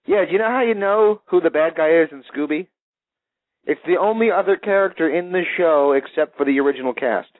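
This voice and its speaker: A man's voice: on the high side, brisk, dry recording. A man hosting a wrestling talk show, chatting casually and rambling with restarts. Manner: rambling, restarts with filler words. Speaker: radio show host. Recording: tinny phone-line sound.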